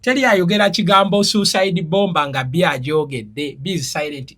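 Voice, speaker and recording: A man's voice: a little high, normal speed, few pauses. A man from Uganda, an interview guest telling stories and explaining words like a teacher, laughing now and then. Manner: animated storyteller, laughs while explaining. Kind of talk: casual interview chat.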